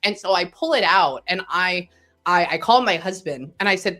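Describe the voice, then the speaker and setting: A middle-aged woman with a somewhat low voice talks as a psychic medium guest in a relaxed interview. She tells her stories with animation, jumps between excited bursts and quiet asides, and laughs or swears freely when worked up. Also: normal speed. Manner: animated storyteller, swings between excited and hushed. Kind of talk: casual conversational interview.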